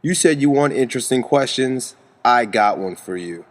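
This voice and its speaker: A man voicing a male viewer who reads out his own text question in a slow, low deadpan. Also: natural voice.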